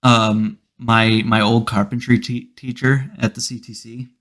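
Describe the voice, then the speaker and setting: A man's voice: mid-range voice, little pitch movement, unhurried, a bit bright. A man hosting a casual comedy podcast, rambling through stories and mock-serious rants with plenty of swearing. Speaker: podcast host. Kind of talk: casual chat.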